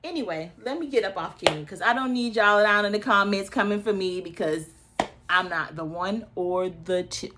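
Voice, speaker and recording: A woman's voice: mid-range voice, normal speed, background noise. A woman in her early thirties hosting a casual recap, chatty and opinionated, with asides to her viewers. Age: early 30s. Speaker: reality TV recap host.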